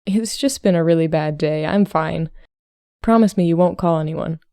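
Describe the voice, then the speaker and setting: A woman's voice: on the low side, moderate pace, warm tone, clear, resonant tone, no echo, close to an everyday voice. A woman voicing a troubled young adult son in a storybook reading, speaking in a subdued, earnest way. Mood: strained.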